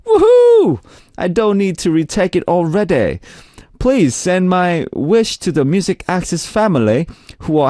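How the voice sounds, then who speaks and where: A man's voice: on the high side, a little mellow, no room sound, clean studio sound, voice pushed up. A man putting on a chirpy Aussie letter writer. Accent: put-on Australian. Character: cheerful listener reading a fan letter.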